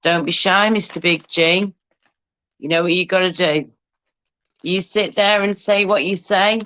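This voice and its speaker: A woman's voice: lowish voice, steady tone, measured pace, pushed and bright, highs cut off. A woman co-hosting a livestream in casual chat, teasing guests and calling everyone darling and love. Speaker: livestream co-host.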